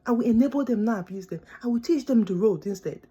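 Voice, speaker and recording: A woman's voice: a little high, fast, mellow, husky. Pleading young woman venting to camera. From born outside the country she lives in. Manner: pleading, repetitive, impassioned. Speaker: vlogger. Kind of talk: emotional direct-to-camera rant.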